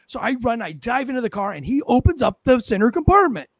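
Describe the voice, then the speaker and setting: A man with a high voice tells a story as a former police officer, animated and swearing freely while he acts out each exchange. He sounds close and dry, with no room sound. It is casual talk-show chat. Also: quick pace, dry recording. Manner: animated, profane, acts out what people said.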